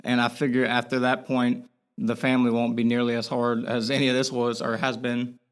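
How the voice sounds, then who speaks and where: A man's voice: mid-range voice, completely flat delivery, fairly quick, clear, resonant tone. A young man as a podcast guest, talking earnestly and rambling in a candid interview, with lots of fillers and restarts.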